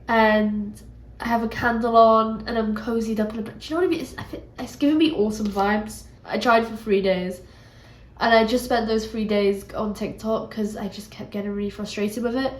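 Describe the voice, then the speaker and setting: A young woman with a British accent vlogging from a resort hotel room, rambling and self-mocking, sounding congested. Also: a little high. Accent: British English. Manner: chatty, self-mocking, swears casually. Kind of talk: casual rambling vlog talk. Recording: echoey room with faint ambience.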